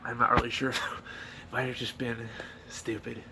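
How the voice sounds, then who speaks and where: A man's voice: medium pitch, completely flat delivery, moderate pace, creaky, sharp tone, slight background noise. A young man casually rambling through a movie review into his own camera, swearing often and full of fillers and restarts. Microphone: camera filming himself.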